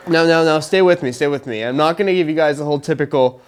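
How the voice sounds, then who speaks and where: Talking fast with few pauses in a higher voice, a young adult college student hosts a live show and laughs his way through a loose, joke-filled stand-up monologue for the audience. There is noise in the background.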